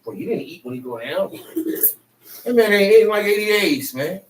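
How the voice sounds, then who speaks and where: This street preacher's voice sits high, brisk and expressive, as he teaches through call and response. He peppers listeners with emphatic, everyday-language rhetorical questions, heard through an echoey, distant mic with faint background noise.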